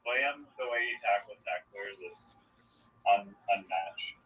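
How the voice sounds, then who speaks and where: A man's voice: on the low side, lively intonation, unhurried, a crowd in the background, poor audio. A man joining a casual chat with brief interjections.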